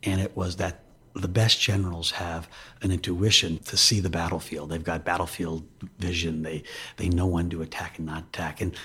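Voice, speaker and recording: A man's voice: deep voice, fairly bright tone. A man being interviewed as an investor, speaking candidly in a loose, anecdotal, self-deprecating way. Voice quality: raspy. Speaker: investor guest.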